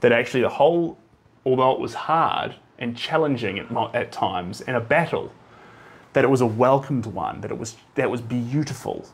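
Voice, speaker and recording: A man in his thirties with a New Zealand accent talks casually while he paints, rambling from thought to thought. His voice sits in a middle pitch with an even, monotone drawl. He reads out viewer comments as they come in. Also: normal speed, husky. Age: 30s. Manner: chatty and rambling, reading out viewer comments with laughs; self-described monotone drawl. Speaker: painter hosting a live stream. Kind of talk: casual live-stream chat while painting.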